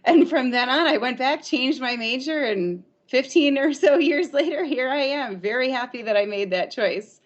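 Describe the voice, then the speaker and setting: A woman with a fairly high voice tells stories from her teaching life with lots of energy and laughter. She comes through on slightly muffled, lo-fi audio. She is a guest on a podcast. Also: normal speed, few pauses. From Arizona, USA. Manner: lively, laughs often while telling stories. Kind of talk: storytelling in an interview.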